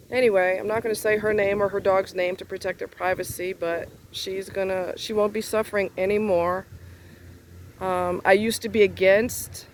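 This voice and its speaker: A woman's voice: mid-range voice, a little hiss or hum. A woman vlogger delivering a heated, profane personal rant in a blunt, exasperated way.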